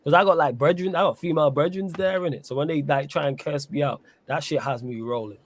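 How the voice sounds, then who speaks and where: A man's voice: on the high side, fast talker, slight background noise. A man hosting a casual football talk stream, slangy and teasing, laughing often as he reads the chat. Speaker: podcast host reading live chat.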